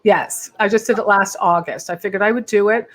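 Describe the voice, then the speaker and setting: A woman hosting an interview, chatty and quick to laugh, reading out comments from viewers. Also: medium pitch. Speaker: podcast host. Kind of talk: casual interview chat.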